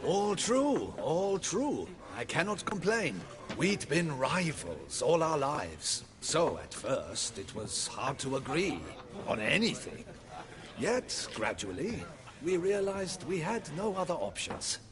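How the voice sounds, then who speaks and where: A man's voice: on the high side, big pitch swings, slow, in a large hall. An actor playing a cheerful, chatty male innkeeper in a video game, with a hearty, theatrical delivery. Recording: game audio with crowd chatter behind.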